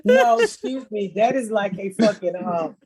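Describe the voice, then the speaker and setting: A middle-aged woman with a husky, slightly breathy voice hosts a casual podcast chat. She tells comic stories bluntly, full of profanity, and laughs as she goes. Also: mid-range voice, huge pitch swings, unhurried, a little mellow. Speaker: podcast host. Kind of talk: casual comedic storytelling.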